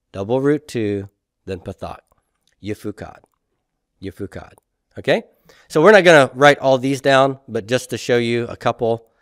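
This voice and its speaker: A male teacher lecturing to a class at a board, asking questions and sounding out forms syllable by syllable. His voice sits at an ordinary middle pitch. The room sound is dry and close. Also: no room sound. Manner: patient, quizzing students with questions and repeating forms slowly. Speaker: Hebrew grammar teacher.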